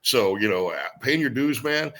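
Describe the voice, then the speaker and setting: A man's voice: mid-range voice, moderate pace, rough recording. A middle-aged man being interviewed as a guest wrestler, telling stories with swearing and acted-out quotes. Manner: animated storyteller who acts out quotes, swears freely. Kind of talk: storytelling interview.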